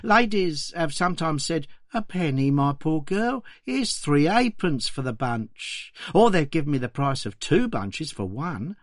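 A man's voice: a little high, sing-song, measured pace, few pauses, no room sound, clean studio sound, voice pushed up. A man voicing a modest English flower girl. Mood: earnest. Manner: plain, simple, answering politely. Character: poor young orphan flower girl, modest. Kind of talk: documentary reading of a quoted interview.

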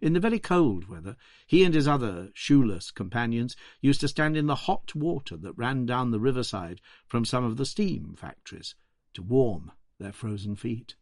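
A man giving scripted documentary narration in a measured, storytelling delivery. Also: mid-range voice, animated, darkish tone, dry recording, studio quality.

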